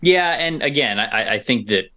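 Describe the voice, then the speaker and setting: A man co-hosting a casual sports discussion as a football analyst, speaking over a remote video call and thinking out loud with quick repeated starts. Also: medium pitch, lively intonation.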